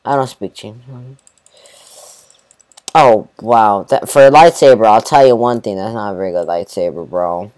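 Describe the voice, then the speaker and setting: A man's voice: mid-range voice, poor audio. Laid-back rambling young gamer guy. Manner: rambling, laid-back, full of fillers like "you know" and "bro"; swings between mumbled asides and excited bursts. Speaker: gameplay commentator. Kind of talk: casual let's-play commentary.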